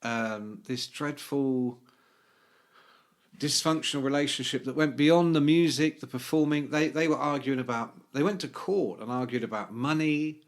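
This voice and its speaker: A man's voice: medium pitch, moderate pace. A middle-aged man co-hosting a podcast, chatting casually and teasing his partner with prodding questions. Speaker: podcast co-host. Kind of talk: casual chat.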